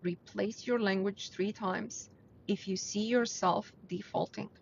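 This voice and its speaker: A woman's voice: mid-range voice, fairly even intonation, unhurried, gravelly, slight background noise. A woman hosting a live mindset talk, speaking bluntly and earnestly to her viewers and pushing her voice up to stress a point. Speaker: host of a weekly live mindset stream. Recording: dull lo-fi livestream audio.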